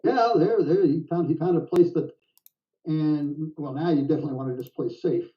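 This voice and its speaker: An older man calling a game live, chatty and full of quips, with a slightly high voice. He sounds set back from the mic, and the audio is dull and muffled. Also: far from the mic. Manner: chatty, jokey, quick to laugh. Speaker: backgammon commentator.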